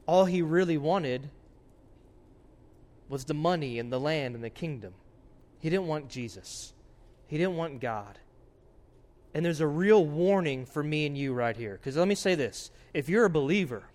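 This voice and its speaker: A man preaches with a voice pitched a little above most men's. He speaks earnestly, pressing his points loudly and then dropping to hushed warnings. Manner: earnest, swings from loud urgency to hushed warnings. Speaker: pastor. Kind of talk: sermon.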